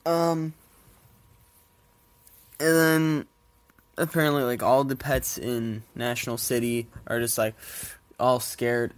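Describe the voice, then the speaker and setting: Stuffy-nosed and nasal, this podcast host talks in a smooth, medium-pitched voice with little pitch movement, taking his time and pausing often. Alone at home with his cats, he rambles through a casual show, laughing frequently and cursing without a second thought.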